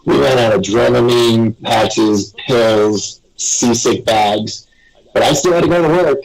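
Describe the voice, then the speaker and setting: A man's voice: mid-range voice, measured pace, vocal fry, low-quality recording. A man guesting on a live web radio show, telling stories in a rambling, casual way and chuckling between them.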